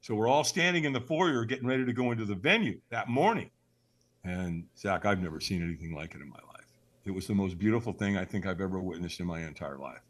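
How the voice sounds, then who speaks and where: A man, a podcast guest, telling a personal story in an animated way, acting out the voices he quotes and sometimes shouting them. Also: low voice, quick pace.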